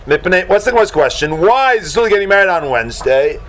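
A man teaching a Talmud class to students, animated, acting out shocked exclamations and talking casually with many fillers. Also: high voice, fast talker, a little hiss or hum.

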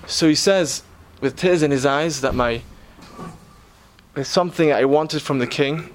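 A man's voice: on the high side, unhurried, slight background noise. A man preaching, telling a story earnestly and posing rhetorical questions to his listeners. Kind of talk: sermon storytelling.

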